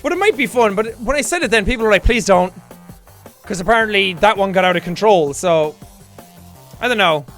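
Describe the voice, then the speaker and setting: Male streamer, bright sharp voice, jokey, excitable, casual chat. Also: high-pitched, fast talker. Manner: excitable and jokey, with bursts of shouting and laughter. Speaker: livestream host. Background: faint background music.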